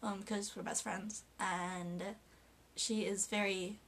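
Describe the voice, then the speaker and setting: A woman's voice: medium pitch, little pitch movement, takes it slowly, fairly bright tone. A young woman vlogging casually about her best friends, getting emotional, hesitant and giggly as she talks.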